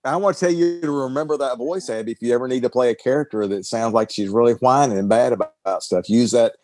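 A man's voice: medium pitch, fast, a little mellow, no echo. An older man in a casual group call, joking and teasing in a dry way.

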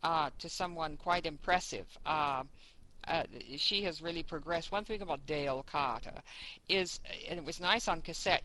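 A woman's voice: low voice, normal speed, a bit bright, a little hiss or hum, rough recording. A woman in a casual group chat, talking in a chatty, rambling way with fillers as she reminisces. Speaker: book discussion group member.

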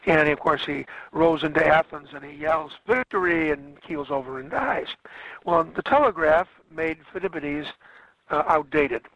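A man's voice: a little high, moderate pace, fairly bright tone, no room sound, highs cut off. A man lecturing a class on history, rambling along and correcting himself with frequent fillers.

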